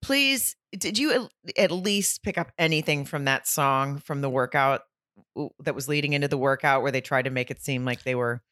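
Low-voiced woman chatting with giggles. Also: normal speed, no echo, clean studio sound. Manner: giggly, animated storytelling with mock singing. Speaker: podcast co-host. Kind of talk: casual chat.

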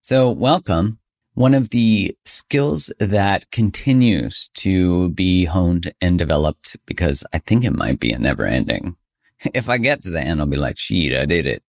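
Deep-voiced man hosting a podcast. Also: expressive, unhurried, gravelly, darkish tone. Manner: chatty, self-joking, laughs often. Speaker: podcast host. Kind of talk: casual podcast monologue.

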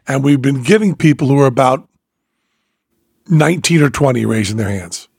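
Male podcast host, gravelly voice, rambling storyteller, dry studio mic. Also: mid-range voice, animated, normal speed, dry recording. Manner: rambling storyteller, acts out dialogue. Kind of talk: casual chat.

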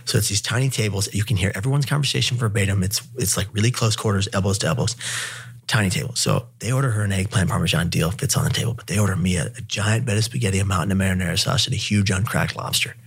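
A husky, slightly low-voiced man telling a comic story as a podcast guest. He talks in an animated way and slips into other characters' voices as he goes. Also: quick pace.

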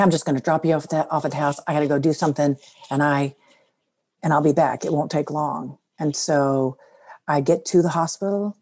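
Low-voiced middle-aged woman telling a story. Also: darkish tone. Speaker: guest. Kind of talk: personal storytelling in conversation.

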